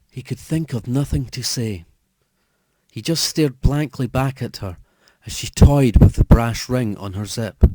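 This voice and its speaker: A man narrating a horror story audiobook in a measured storytelling manner. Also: medium pitch, warm tone, no room sound. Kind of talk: scripted narration.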